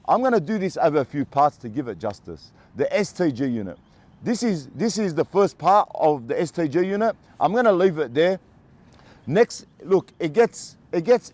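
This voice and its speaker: An Australian man, a former prisoner, casually telling his own story to the camera in an animated way, often repeating words and acting out sounds. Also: fairly high pitch.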